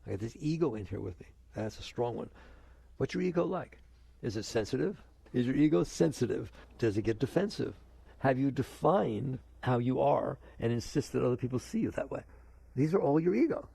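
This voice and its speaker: A man's voice: mid-range voice, expressive, moderate pace, vocal fry, dark tone, breathy edge, no room sound. An older man giving a conversational spiritual talk, questioning his listeners and acting out inner voices. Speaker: spiritual teacher.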